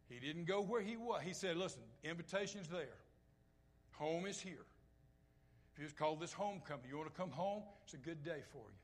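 A man preaching a sermon, dropping to hushed asides and rising to loud, impassioned lines, in a conversational way. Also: fairly high pitch. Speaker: pastor.

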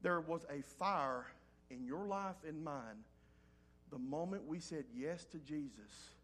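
High-voiced preaching pastor, man. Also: takes it slowly, a bit bright. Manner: preaching with dramatic rises and drops in volume; reads scripture in old-fashioned wording. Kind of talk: sermon.

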